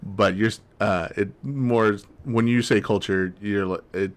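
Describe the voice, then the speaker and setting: A man co-hosting a podcast in casual chat, talking in a halting, hesitant way full of fillers. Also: fairly low pitch, fairly even intonation. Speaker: podcast co-host.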